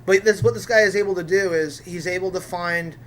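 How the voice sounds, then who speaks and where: A man with a slightly high voice talks in a casual chat about movies, animated and opinionated, dropping the odd swear. A faint noise sits under his voice. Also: a little fast. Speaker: podcast host.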